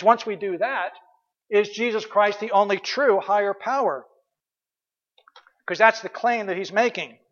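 High-voiced man preaching in a reverberant hall. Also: fairly bright tone, muffled recording. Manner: earnest, conversational preaching with repeated emphatic phrases. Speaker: pastor. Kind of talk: sermon.

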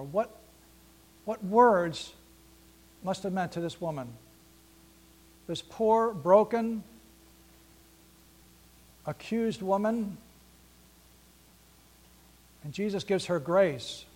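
A man's voice: high-pitched, very slow, long pauses, a little mellow. A man pastor reading scripture aloud and preaching an earnest, emphatic sermon that repeats its key phrases.

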